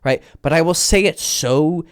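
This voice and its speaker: A man's voice: on the high side, a little slow, smooth. A man giving dating advice in a casual, blunt and profane way, often acting out both sides of a conversation. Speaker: dating coach. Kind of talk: casual instructional talk.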